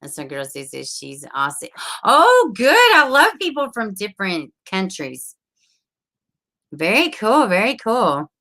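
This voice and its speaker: A woman hosting a casual livestream, chatty and excitable, reading chat and laughing often. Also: medium pitch, a little slow.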